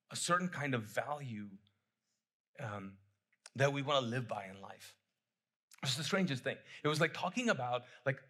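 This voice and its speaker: Husky, bright-voiced middle-aged male pastor. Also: mid-range voice. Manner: conversational, repeats phrases, asks the congregation questions. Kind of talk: sermon.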